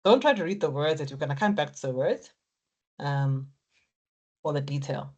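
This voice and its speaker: A woman's voice: low voice, lively intonation, normal speed, a little mellow, highs cut off. A woman lecturing students on exam technique, encouraging and repetitive as she talks them through each step. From Africa. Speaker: accounting lecturer.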